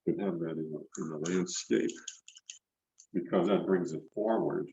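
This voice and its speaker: Speaking at normal speed, an older painting instructor rambles through a video call demo in his indoor studio, repeating words while he works. His low voice is dark with a breathy edge. The call mic leaves the highs cut off.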